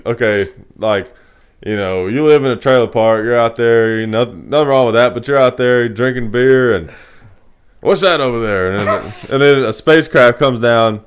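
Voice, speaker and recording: A man's voice: medium pitch, normal speed, clear, resonant tone. A man hosting a casual podcast, easygoing, agreeing often and laughing along. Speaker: podcast host.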